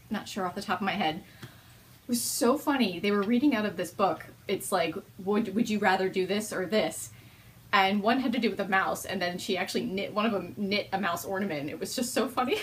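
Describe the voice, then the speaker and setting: A woman's voice: mid-range voice, a little hiss or hum. A young woman hosting a knitting video podcast at home, chatting casually and laughing often.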